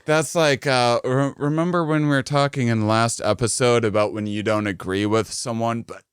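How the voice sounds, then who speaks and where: A man's voice: mid-range voice, steady tone, normal speed, clean tone, no room sound, clean studio sound. A man in his thirties, a podcast co-host, telling a rambling comic story full of restarts and breaking into laughter at the punchlines. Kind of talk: comedic storytelling.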